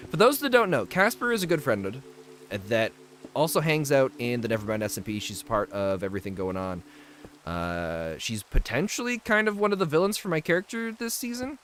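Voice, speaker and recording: A man in his twenties with a medium-pitched, slightly bright voice chats casually on a game livestream, with a little hiss or hum in the audio. He reads viewer messages aloud, answers them, and laughs easily while telling stories.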